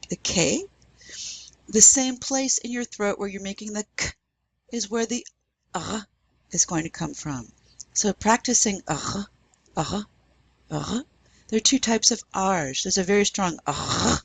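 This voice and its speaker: Slow, husky-voiced woman teaching pronunciation. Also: fairly low pitch, a bit bright, poor audio. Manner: patient, demonstrating pronunciation slowly with repetition. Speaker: French teacher. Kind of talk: recorded language lesson.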